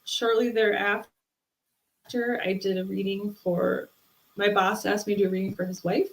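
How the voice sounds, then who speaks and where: A woman's voice: mid-range voice, little pitch movement, normal speed, reverberant, rough recording. A woman, an interview guest, telling a personal story in casual chat and acting out the voices she quotes. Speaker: interview guest, spiritual medium.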